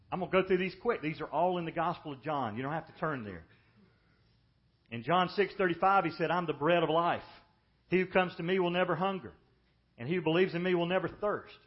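Male pastor, higher-pitched voice, emphatic sermon delivery with hushed drops, muffled recording. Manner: emphatic preaching, drops to hushed, slow lines for weight. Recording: dull lo-fi sermon audio.

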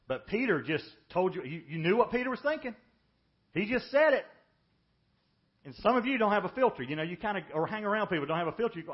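A man preaching a sermon as pastor, emphatic, often dropping to a hushed, slow delivery for weight. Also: high voice, sing-song. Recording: dull lo-fi sermon audio.

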